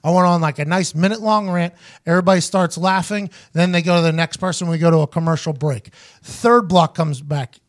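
Lively man telling a story. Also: on the high side. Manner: animated, quotes people in quick asides. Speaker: podcast host. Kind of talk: casual storytelling chat.

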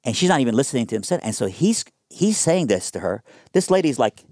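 A young man telling a personal story in a casual interview, animated and conversational with lots of fillers. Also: mid-range voice, quick pace, no room sound, clean studio sound.

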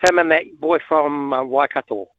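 A man's voice: fairly high pitch, normal speed, no echo. A man calling in to a radio show, laid-back and friendly. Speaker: caller. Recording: tinny phone line.

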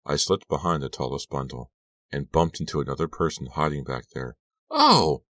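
Very deep-voiced man reading an audiobook. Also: fairly even intonation, brisk, dry recording, clean studio sound. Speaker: audiobook reader. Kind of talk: audiobook narration.

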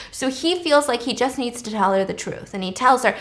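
A woman's voice: on the high side, brisk, hardly any pauses. Chatty woman retelling a film. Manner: chatty, animated, sarcastic asides. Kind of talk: casual retelling of a film plot.

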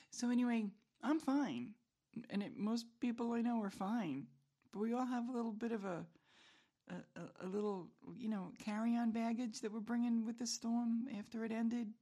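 A woman's voice: fairly high pitch, warm tone. A middle-aged woman hosting a solo podcast, rambling through a casual monologue with self-mocking humor and frequent chuckles. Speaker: podcast host.

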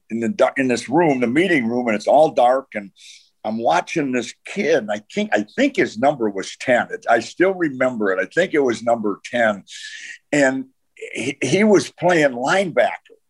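A man's voice: medium pitch, animated, moderate pace, breathy edge. A man, a football coach, telling long anecdotes as an interview guest, with many fillers and repeated words. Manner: rambling, filler-heavy anecdotes.

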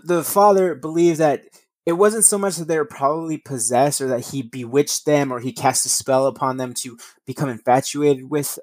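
Man, podcast host, swears a lot, rambling asides, mid-pitched voice, dry close sound. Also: darkish tone, no room sound. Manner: profane, rambling asides between read passages. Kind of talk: casual storytelling podcast, reading passages aloud.

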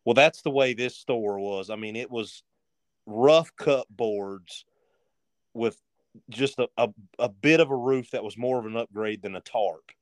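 A man tells a long, rambling story on a casual podcast. His voice is mid-pitched and recorded close and dry. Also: unhurried, no room sound. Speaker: podcast guest.

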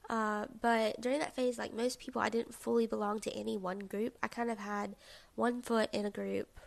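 Chatty gravelly-voiced young woman podcaster. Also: a little high, level tone, normal speed. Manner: chatty and self-deprecating, many fillers and asides. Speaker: podcast host. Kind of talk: casual solo podcast monologue.

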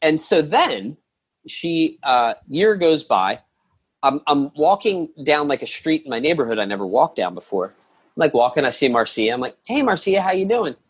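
A man tells a story as a podcast guest, his husky voice rising and falling a great deal. He rambles, restarts often and acts out what people said. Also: fairly high pitch, sing-song, normal speed. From lives in New York. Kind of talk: casual storytelling.

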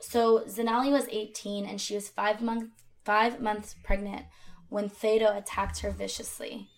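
Gravelly woman recounting a true crime case. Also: medium pitch, flat delivery, a little slow. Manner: conversational, with fillers and asides. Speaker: podcast co-host. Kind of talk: true crime podcast narration.

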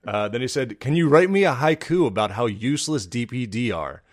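A man's voice: medium pitch, expressive, a little fast, few pauses. A man co-hosting a comedy podcast, chatting casually and rambling with frequent laughs. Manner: joking, rambling, laughs often. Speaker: podcast co-host.

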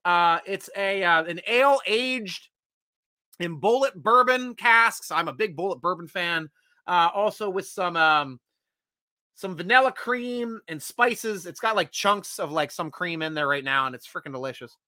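A man's voice: high voice, unhurried, no room sound. A man hosting a casual sports fan livestream, chatting energetically and reading out viewer comments. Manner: energetic, chatty, bursts of loud excitement.

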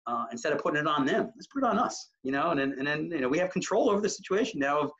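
A man, a high school basketball coach, talking animatedly in a casual interview, rambling with many restarts. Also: racing. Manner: animated, rambling, full of restarts and self-quotes. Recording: slightly muffled audio.

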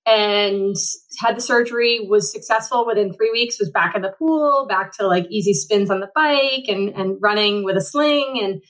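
A woman in her forties recounts her story as an interview guest. Her voice sits at an ordinary middle pitch. She rambles and restarts her sentences often. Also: normal speed, few pauses, a bit bright, rough recording. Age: 40s. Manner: rambling, frequent fillers and restarts. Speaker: Paralympic triathlete guest.

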